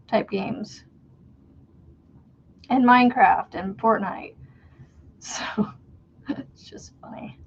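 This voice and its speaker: A woman with a mid-range voice chats and rambles while crocheting on her livestream, laughing at her own stories. She is a homeschool mom, and the dull lo-fi stream audio carries a little hiss or hum.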